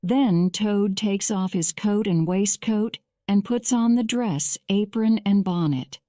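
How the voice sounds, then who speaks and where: A woman reading a simple storybook aloud for English learners, clear and deliberate. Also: mid-range voice, mellow, no echo, studio quality. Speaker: narrator. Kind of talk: slow scripted story narration for English learners.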